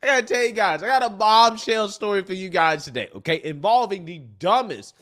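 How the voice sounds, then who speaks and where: A man opening his show in a sarcastic, teasing tone. His voice sits high and moves all over the place in pitch. The delivery sounds like a casual talk-show opener. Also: animated, fairly quick, fairly bright tone. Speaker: host.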